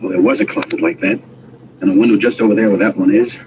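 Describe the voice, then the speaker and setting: A man's voice: lowish voice, fairly even intonation, quick pace, close to an everyday voice. Guy playing a nervous confused young fella, stammers, old radio drama, hissy muffled sound. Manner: hesitant, stammering. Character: young man, bewildered and uneasy. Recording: dull lo-fi old radio recording with hiss.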